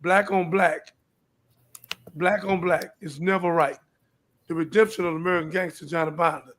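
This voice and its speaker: A man's voice: on the high side, steady tone, normal speed, a bit bright, slight background noise. An older man from Houston, Texas, hosting his own live show and urging young people to stop the violence, repeating himself and rising into pleading questions. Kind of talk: preachy live-stream talk.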